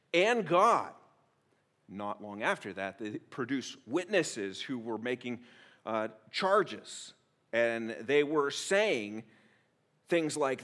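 A man preaching a sermon as pastor, telling stories with acted-out quotes. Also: mid-range voice. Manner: animated storytelling with acted-out quotes. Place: church.

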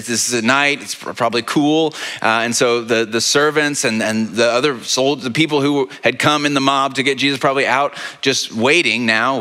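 Bright-voiced pastor preaching in reverberant sanctuary. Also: male voice, medium pitch. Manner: conversational storytelling, frequent rhetorical "right?". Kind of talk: sermon. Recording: long reverb of a large hall.

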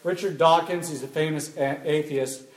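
A man speaking to a live audience, animated and emphatic, firing off rhetorical questions and repeating key points. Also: a little high, normal speed. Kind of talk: live talk with call-and-response. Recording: echoey room.

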